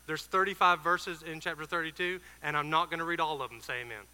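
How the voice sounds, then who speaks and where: A man preaching an informal sermon, retelling a Bible story in a conversational way with fillers and quick asides. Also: a little high, steady tone, sharp tone, clear, resonant tone, in a large hall.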